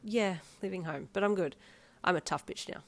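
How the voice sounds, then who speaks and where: A woman's voice: lowish voice, normal speed, close to an everyday voice. A woman voicing the listener character, an emotional young woman leaving home who turns sassy. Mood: resolute. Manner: quivering, tearful, then sassy.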